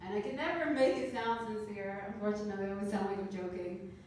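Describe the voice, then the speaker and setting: A woman's voice: mid-range voice, fast talker, a little mellow, a little hiss or hum. A woman of thirty performing a stand-up comedy set on a club stage, playful and laughing at her own jokes. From Canada. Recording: roomy club sound from a distance.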